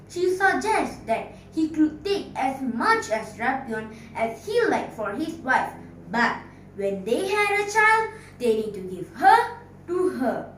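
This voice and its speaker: A woman teacher telling a fairy tale in a storytelling competition, dramatic and expressive, recorded from a distance in an echoey room. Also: high-pitched, slight background noise. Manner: expressive, dramatic storyteller asking the audience questions.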